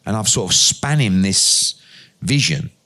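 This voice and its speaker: Man, middle-aged, lively storyteller, lowish voice, very expressive pitch. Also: a little slow. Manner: animated anecdote-telling, acting out dialogue with swearing. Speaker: interview guest, boxing promoter. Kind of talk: conversational storytelling.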